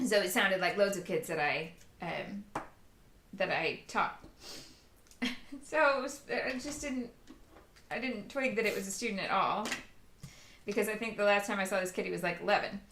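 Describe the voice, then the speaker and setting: A woman's voice: mid-range voice, moderate pace, long pauses, fairly bright tone, slight background noise. A woman hosting a live crafting stream, chatting casually, laughing often and talking herself through her work. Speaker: crafting livestream host. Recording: roomy echo.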